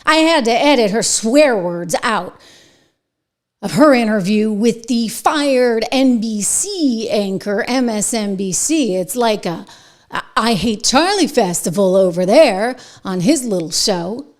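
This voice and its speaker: Brief: middle-aged female host, impassioned commentary, slightly high-pitched, alternates shouting and whispering. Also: expressive, unhurried. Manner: indignant, swings between loud outbursts and hushed whispers.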